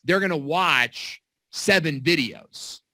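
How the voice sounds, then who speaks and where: A middle-aged man coaching on video marketing in a casual, animated way, telling stories with acted-out quotes, recorded in a home basement studio. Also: a little high, slow pace, no echo. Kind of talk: casual teaching talk.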